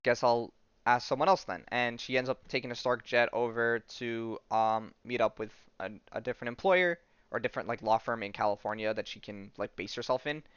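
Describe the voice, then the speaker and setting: A man hosts a podcast and recaps a comic story in a loose, rambling way full of fillers. His voice is smooth and clear at an average pitch. The sound is dry with no room echo but a bit dull, like a modest home mic. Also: fairly quick, fairly bright tone. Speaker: podcast host. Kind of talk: casual comic-book recap.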